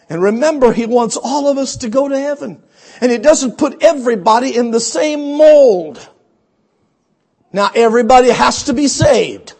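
A man delivers an animated sermon, voicing the people he quotes and veering from shouts to hushed asides. His voice is very high.

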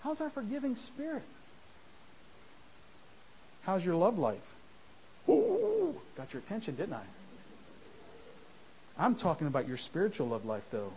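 A man preaching a sermon in church, rising to shouts and dropping to a hush, mimicking his listeners. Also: fairly high pitch, sing-song, normal speed, pauses often, slight background noise, poor audio. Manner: swings from shouting to soft, mimics church members. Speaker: visiting preacher.

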